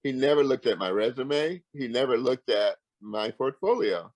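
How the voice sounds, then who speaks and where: A man's voice: medium pitch, moderate pace, dry recording, low-quality recording. An older man, a martial arts grand master, telling stories as an interview guest, acting out the dialogue with lots of restarts. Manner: animated, acts out quoted dialogue with frequent restarts. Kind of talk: casual storytelling.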